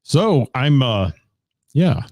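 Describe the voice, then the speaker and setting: A man's voice: medium pitch, very animated, drawn-out words, darkish tone, dry recording, clean studio sound. A middle-aged man hosting a live-streamed radio show, rambling casually with lots of fillers as he greets viewers by name. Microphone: studio mic.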